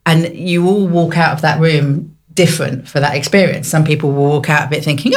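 A woman's voice: low-pitched, a little fast. A British woman hosting a casual radio chat, speaking in a thoughtful, earnest way. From Britain. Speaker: radio host.

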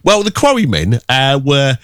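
A man's voice: moderate pace, no room sound, clean studio sound. A man presenting a radio music show in a chatty, self-deprecating way. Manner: chatty, self-deprecating, lively swoops in pitch.

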